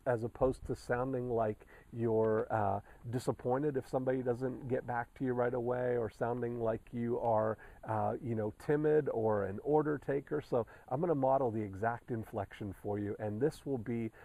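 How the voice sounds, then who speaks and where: A man's voice: mid-range voice, fairly even intonation, normal speed, vocal fry, hardly any pauses, dark tone, rough recording. A man giving a recorded coaching update to clients, walking through a process methodically with frequent fillers and restarts. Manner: instructive, methodical, repeats steps with frequent fillers. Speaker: sales coach.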